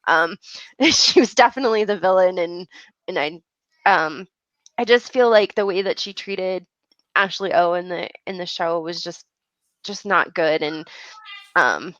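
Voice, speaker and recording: A woman's voice: fairly low pitch, a little slow, long pauses, a bit bright, no room sound, lo-fi sound. A woman co-hosting a casual podcast chat, talking in an easygoing way and laughing often. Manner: giggly, easygoing. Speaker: podcast co-host.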